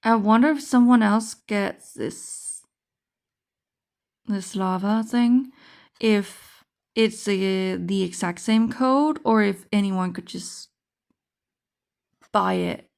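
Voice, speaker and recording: A woman's voice: medium pitch, takes it slowly, gravelly, long pauses, darkish tone. A woman chatting casually as she opens a trading card pack, thinking aloud with many fillers and restarts. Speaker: card game vlogger. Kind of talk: casual unboxing chat.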